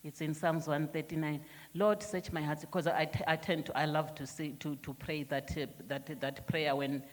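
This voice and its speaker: A woman speaks earnestly in a church testimony, confessing openly. Her delivery is halting, full of restarts and repeated words. The sound carries a long reverb from a large hall. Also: low-pitched, flat delivery. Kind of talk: personal testimony in a sermon.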